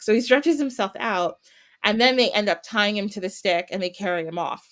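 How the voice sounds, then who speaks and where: A podcast guest tells a folktale in a casual, storytelling way, her mid-range voice moving fairly quickly. Animated and laughing, she voices the characters with little impressions.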